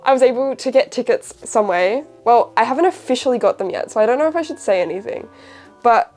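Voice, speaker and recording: A woman's voice: on the high side, lively intonation, fairly quick, a little mellow, soft background music. A young Australian woman in casual, rambling chat as a vlogger, wrapping presents while she talks.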